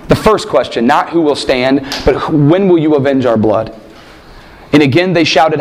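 A man's voice: on the high side, animated, measured pace. A man preaching a sermon and reading scripture, emphatic, asking rhetorical questions and repeating phrases for stress.

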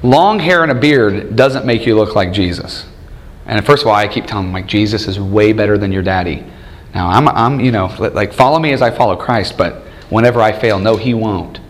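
Animated man leading a church class. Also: mid-range voice. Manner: animated, asks many rhetorical questions; chuckles often while telling stories. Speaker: church study group leader.

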